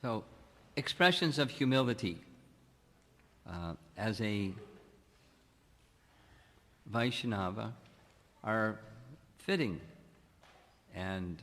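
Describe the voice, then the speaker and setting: Measured male monk in reverberant hall. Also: on the low side, expressive, fairly bright tone. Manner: slow, measured, with long pauses. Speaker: monk giving a spiritual lecture. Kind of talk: devotional lecture.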